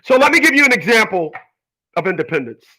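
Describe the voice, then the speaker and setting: A man's voice: high-pitched, big pitch swings, quick pace, pushed and bright, husky, poor audio. A man hosting his own channel, talking in a rambling, preachy and confrontational monologue full of restarts. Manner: rambling, repeats and restarts, argues with imagined people. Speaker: channel host giving opinions. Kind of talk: casual monologue.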